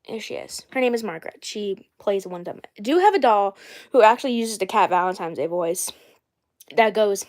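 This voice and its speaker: A young woman in her twenties chatting casually on a livestream about the dolls she voices, rambling, correcting herself and often clearing her throat. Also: mid-range voice, lively intonation, fairly quick, a little mellow. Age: 20s. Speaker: doll series creator.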